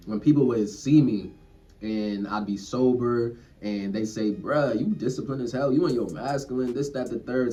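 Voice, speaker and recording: With a low, slightly mellow voice, this young vlogger rambles through a self-reflective rant, casual and earnest, with plenty of swearing. He's recorded from a distance, with faint background music.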